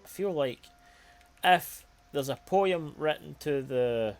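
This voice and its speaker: A man's voice: fairly high pitch, animated, slow, faint music behind. A man playing a story game aloud and reading its text, musing in a hesitant way. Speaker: player.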